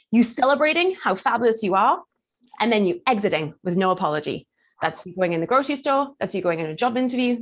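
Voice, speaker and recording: A middle-aged woman teaching a lively confidence workshop, playful and theatrical, acting out little voices and laughing often. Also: on the high side. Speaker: burlesque performer and confidence coach.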